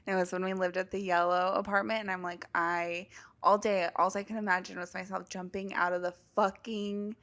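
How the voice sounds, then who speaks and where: A young woman chats candidly as a podcast co-host, her voice mid-pitched and full of vocal fry. She laughs often and pads her talk with "like." It sounds like relaxed conversation between close friends. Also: brisk. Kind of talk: casual chat.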